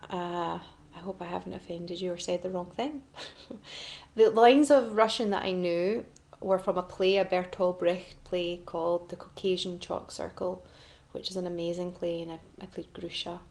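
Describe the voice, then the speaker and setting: A woman with a fairly low, gravelly voice that slips into vocal fry, talking casually to camera. She rambles, laughs at herself and apologizes easily while working through fan requests as an actress. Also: fairly even intonation, moderate pace, a little mellow. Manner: chatty, rambling, self-deprecating.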